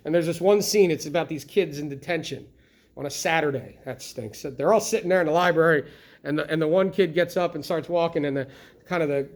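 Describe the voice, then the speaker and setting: A middle-aged man teaching a history lesson in a classroom, lively and constantly checking in with the students by asking questions. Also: a little high, a little fast. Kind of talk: classroom lecture.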